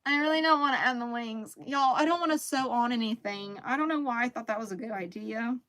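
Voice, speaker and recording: A chatty woman in her thirties with a slightly high voice, hosting a cozy live crochet stream. She talks casually and easily, reading viewers' messages aloud and laughing along with them. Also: brisk, a bit bright. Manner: chatty, reads chat aloud, laughs often. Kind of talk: casual chat while crocheting.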